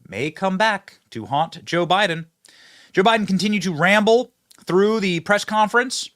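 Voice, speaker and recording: A man rattles through political commentary with a sneering, sarcastic edge and a lively, swinging voice. He is recorded dry and close in a studio. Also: high-pitched, moderate pace, no echo. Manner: mocking, sarcastic, laughs at own jabs. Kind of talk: fast opinionated political commentary. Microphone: close studio mic with earpiece.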